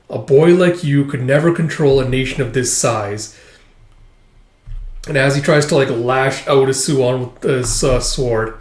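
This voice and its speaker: In an echoey room, a man with a mid-range voice loosely retells the events of a manga volume. As a reviewer, he rambles casually and leans heavily on fillers.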